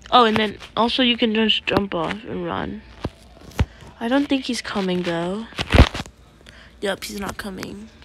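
A woman giving casual gameplay commentary as a video creator, chatty and prone to excited yelling at the game. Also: mid-range voice, background noise.

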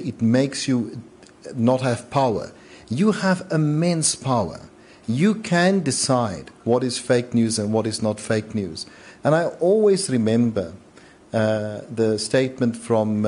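A man's voice: medium pitch, darkish tone, husky. Emphatic man on a conference panel. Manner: emphatic, repetitive, rousing. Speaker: panelist, media owner. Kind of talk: panel discussion. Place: large conference hall.

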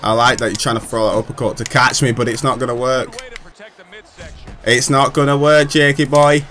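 A man's voice: mid-range voice, little pitch movement, normal speed, fairly bright tone. A man giving hyped, trash-talking gameplay commentary, laughing often. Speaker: gaming channel host.

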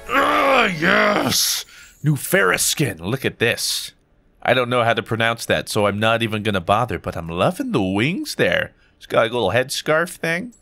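A young American YouTuber, his voice on the low side and his speed normal, opens loot boxes while excitedly commentating. He's animated, gasping and squealing at the loot drops and humming and singing along, with faint music behind him.

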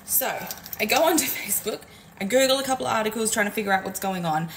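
A woman's voice: on the high side, expressive, fast talker, fairly bright tone, slight background noise, rough recording. Frank, swearing woman ranting to camera. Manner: frank, profane, exasperated, chatty. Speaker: business coach and community owner. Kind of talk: casual vlog rant to camera. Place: home kitchen, making coffee.

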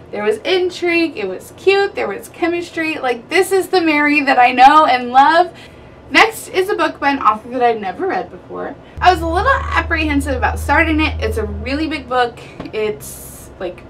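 A woman's voice: high voice, expressive, normal speed, a little hiss or hum. Bubbly young woman gushing about books. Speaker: book reviewer. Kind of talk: casual book review vlog. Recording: somewhat distant mic with faint room ambience.

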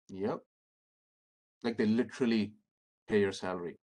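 Calm encouraging male workshop presenter. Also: fairly low pitch, moderate pace. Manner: calm, encouraging, reads out audience answers. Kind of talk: interactive training workshop.

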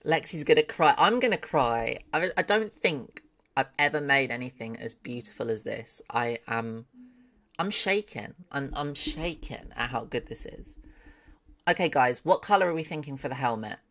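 A woman's voice: a bass voice, lively intonation, moderate pace, a bit bright. A woman streaming live as she learns 3D modeling. She thinks aloud, talks to her chat and swears with delight when something turns out well.

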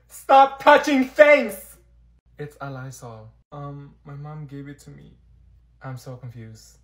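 A young man acting out comedy sketches, swinging between loud shrill outbursts and low mumbled asides. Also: steady tone, measured pace. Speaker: comedy sketch creator playing many characters.

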